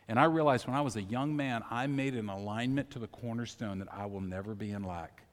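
A man's voice: fairly low pitch, brisk, hardly any pauses, big-room sound. A man preaching a sermon as pastor, talking casually, telling personal stories and putting questions to the congregation. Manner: conversational, personal storytelling, asks the congregation questions. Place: church sanctuary.

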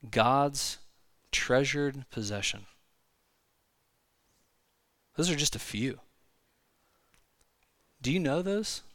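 A man preaching to a church congregation in a casual, conversational way, full of asides and quick restarts. His voice sits at an ordinary middle pitch. The sound is close and dry, with hardly any room echo. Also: fairly bright tone. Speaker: pastor. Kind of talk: sermon. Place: church sanctuary.

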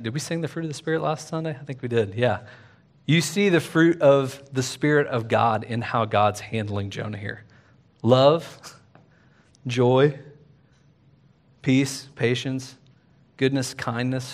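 Animated male preacher giving a sermon. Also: medium pitch. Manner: animated preaching with rising emphasis. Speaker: pastor. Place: church service.

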